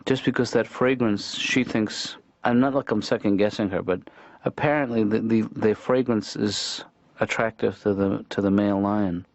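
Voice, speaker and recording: A man voicing a mild, hesitant middle-aged therapist in a cartoon, halting and repeating his words. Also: on the low side, steady tone, dry recording, lightly acted. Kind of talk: improvised cartoon dialogue. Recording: dull lo-fi soundtrack.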